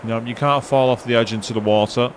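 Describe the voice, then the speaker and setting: A man's voice: medium pitch, steady tone, brisk, slight background noise. A man giving casual live commentary on a video game, chatting to viewers and swearing now and then. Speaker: let's play streamer.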